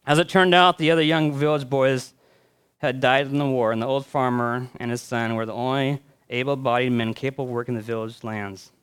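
Male pastor, mid-pitched, smooth resonant voice, storytelling that rises and then drops soft, reflective pauses. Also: steady tone. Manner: storytelling with swells and hushed endings. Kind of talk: sermon.

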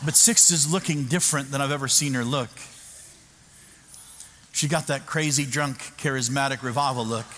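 A man, a pastor, telling a self-mocking story in a sermon, animated and full of restarts. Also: medium pitch, normal speed. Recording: echoey hall with background noise.

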